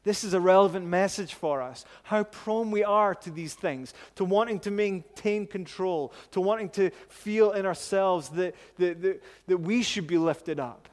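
Male pastor, mid-high voice, slow, earnest sermon delivery with a long hall echo. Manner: earnest, slow and deliberate, dropping low and soft for emphasis.

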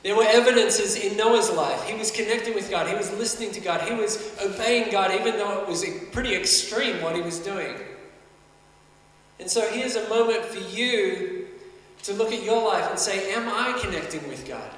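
A man's voice: high-pitched, normal speed, fairly bright tone. A man preaching a sermon, earnest and conversational, building emphasis as he goes. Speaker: pastor. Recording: echoey hall, mic at a distance.

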